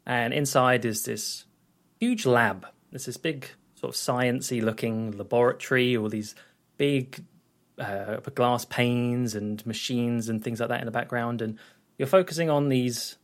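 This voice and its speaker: A man talks through a film on a podcast, walking through each scene in a loose, rambling way. His voice sits at an ordinary middle pitch, and he often stops to hunt for words before pressing on. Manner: rambling, hesitant, recaps scenes with frequent fillers. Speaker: podcast co-host. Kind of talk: casual film recap chat.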